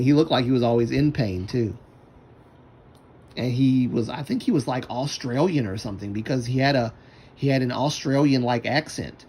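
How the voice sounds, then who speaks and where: A man's voice: medium pitch, moderate pace, dark tone, breathy edge. A man chatting casually on a livestream, rambling and talking to himself while using his computer.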